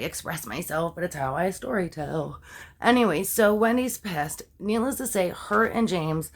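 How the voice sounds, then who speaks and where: Woman doing a true-crime storytime, chatty and rambling, keeps asking viewers stuff. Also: fairly low pitch. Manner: chatty, digressive, full of fillers and asides; talks straight to viewers with questions.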